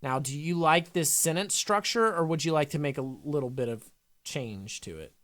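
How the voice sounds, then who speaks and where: A man's voice: on the high side, animated, normal speed, a bit bright. A young adult man coaching a trader live, talking bluntly and emphatically with frequent swearing. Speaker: trading coach.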